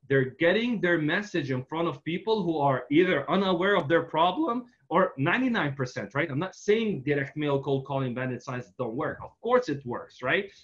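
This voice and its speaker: A man with a fairly high voice teaches in a loose, conversational way, telling a story and checking in with "right?" after most sentences. He leans on lots of fillers, and the recording sounds dull and lo-fi. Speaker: real estate marketing coach. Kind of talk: casual teaching in a Q&A.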